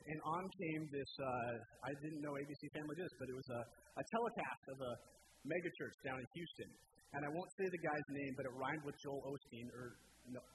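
Young man, casual sermon, conversational, rhetorical questions, somewhat high voice, noisy background. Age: 20s.

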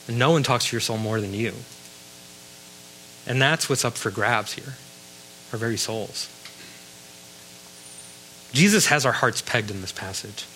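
A male pastor delivers a sermon with a bright, forceful tone. He reads scripture and then talks to the congregation in a relaxed, conversational way, slipping in wry asides. A faint hum sits under the recording. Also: mid-range voice, low-quality recording.

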